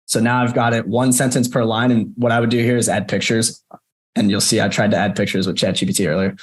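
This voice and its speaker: A man teaching a group over a video call in a casual, chatty way, often checking in with "right?" and speaking to students by name. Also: fairly low pitch. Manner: conversational, frequent "right?" tags, addresses students by name. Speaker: course instructor. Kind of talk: casual screen-share walkthrough.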